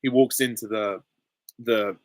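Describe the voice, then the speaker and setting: A man's voice: lowish voice, steady tone, measured pace, a little mellow, no echo. A man hosting a live stream Q and A, chatty, giggly and self-deprecating, on a close desk mic. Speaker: channel host answering viewer questions.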